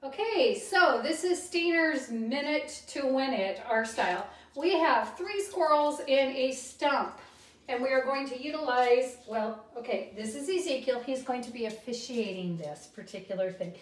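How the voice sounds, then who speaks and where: A woman's voice: high-pitched, animated, unhurried. An older woman, a teacher, chatting playfully with her students. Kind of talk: casual playful address. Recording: roomy, from a distance.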